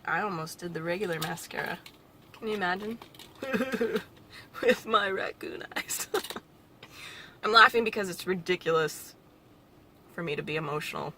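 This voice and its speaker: A young woman vlogging alone, talking in a halting, reflective way with nervous little laughs, emotional and close to tears. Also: mid-range voice, sharp tone, slight background noise. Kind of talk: personal vlog monologue.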